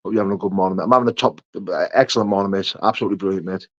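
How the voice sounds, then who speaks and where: A man's voice: sits low, steady tone, very fast, no echo. A young man hosting a casual live chat, reading out viewers' names and answering their questions. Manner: reads out viewer names and greets them, chatty and matey. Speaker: livestream host answering chat. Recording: dull muffled sound.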